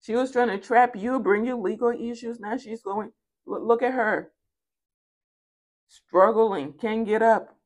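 A woman's voice: fairly high pitch, steady tone, moderate pace, darkish tone. A woman giving a spoken tarot reading, casual and chatty, repeating phrases for emphasis. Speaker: tarot reader.

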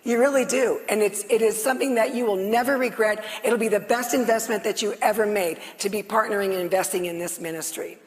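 A middle-aged woman on stage, giving a loud, passionate, excitable testimony to a live audience. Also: medium pitch, fairly quick, few pauses. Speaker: guest speaker sharing her healing testimony. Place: on stage before a live audience in a large hall. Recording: long reverb of a large hall.

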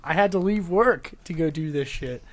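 A man in a casual podcast chat, telling an animated, profane story about an argument. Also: on the high side, moderate pace.

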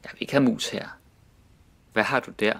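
A man's voice: fairly low pitch, steady tone, gravelly. A man reading short example sentences aloud, saying each one twice. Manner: reads each phrase slowly twice, laughing softly between.

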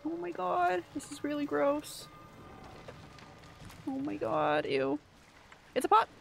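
A woman live-streaming a horror game, reacting excitably and chatting with her viewers as she plays. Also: sits high, slow pace, vocal fry, slight background noise. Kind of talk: live gameplay commentary.

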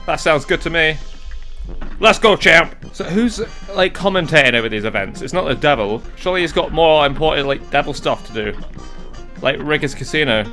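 A young man commentating a video game, excitable and jokey, yelling and swearing at it and talking himself down between fits. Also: fairly high pitch, moderate pace, faint music behind. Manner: talks to himself, jokey asides. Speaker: gaming YouTuber. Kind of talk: let's play commentary.

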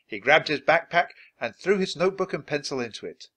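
Dad reading a kids book out loud, lively up and down voice, kinda high for a guy. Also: fairly quick, few pauses. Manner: expressive, lively. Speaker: storybook reader. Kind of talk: children's book read-aloud.

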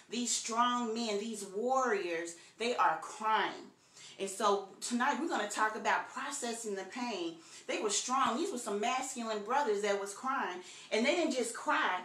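A woman's voice: mid-range voice, a bit bright, echoey room. A woman teaching a virtual Bible study, preaching in an earnest, conversational way and repeating key phrases for emphasis.

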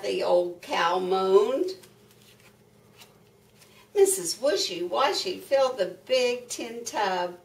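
A woman's voice: medium pitch, animated, slow pace, creaky, pauses often. An older woman reading a picture book aloud to young children, sing-song and full of exclamations. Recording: echoey room, mic far off.

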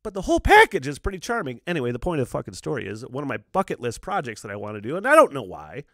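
A man's voice: mid-range voice, huge pitch swings, rapid-fire, fairly bright tone, no room sound, clean studio sound. A man hosting his own solo podcast in a casual, rambling way, swearing freely and chuckling between thoughts. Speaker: podcast host.

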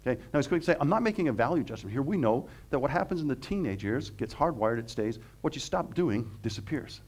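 A middle-aged man from Canada, a professor giving a humorous, animated seminar talk that mixes jokes into the teaching. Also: mid-range voice, fast. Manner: animated, joking, acts out quotes. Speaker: guest speaker, professor.

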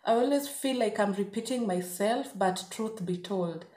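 Woman reacting to a song on her channel, all gushy and excited, echoey room. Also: mid-range voice, moderate pace. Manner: effusive and gushing. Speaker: reaction video host. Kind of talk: casual reaction vlog. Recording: roomy echo.

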